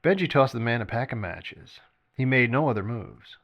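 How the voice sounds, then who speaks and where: A man reads his own fiction aloud as a storyteller. His delivery is expressive and animated, with pitch that rises and falls freely. Now and then he slips and restarts a phrase. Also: normal speed, highs cut off. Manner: lively, expressive reading with occasional slips and restarts. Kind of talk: story narration read aloud.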